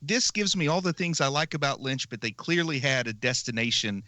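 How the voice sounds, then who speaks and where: Bright-voiced man chatting on a podcast. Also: medium pitch, a little fast, no echo. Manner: animated, laughs often. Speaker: podcast host. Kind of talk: casual chat.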